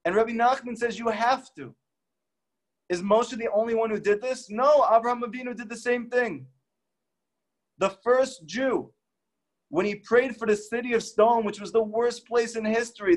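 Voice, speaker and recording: A man, a rabbi, giving a spiritual teaching talk, impassioned and acting out pleading prayers in his own voice. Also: very high voice.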